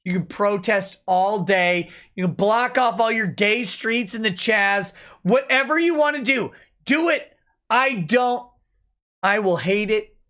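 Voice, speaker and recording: Slow-talking drunk man ranting. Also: high-pitched, animated, pushed and bright. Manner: angry, profane ranting. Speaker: livestream host. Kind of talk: late-night livestream rant.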